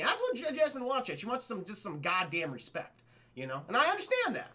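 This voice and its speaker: A man's voice: extremely high pitch, huge pitch swings, a little fast, sharp tone. A man casually recapping a film for his chat in a loose, profane, rambling way. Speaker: streamer and film reviewer.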